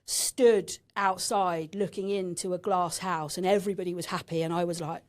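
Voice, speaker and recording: A woman's voice: fairly low pitch, steady tone, moderate pace, hardly any pauses. A woman in her thirties from England, a podcast guest frankly telling a painful personal story and swearing now and then.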